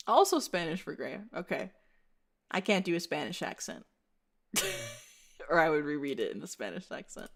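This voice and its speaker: A woman's voice: low voice, very animated, normal speed, creaky, pauses often. A woman streaming casually, laughing often as she reads viewer character entries aloud in a playful, dramatic voice. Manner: giggly, laughs often mid-sentence. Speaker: VTuber streamer.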